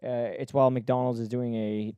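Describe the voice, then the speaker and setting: A man's voice: mid-range voice, little pitch movement, brisk, mellow, smooth, no room sound. Young man telling a rambling story. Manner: rambling storytelling with laughs and crude jokes. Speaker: podcast co-host. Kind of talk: casual chat.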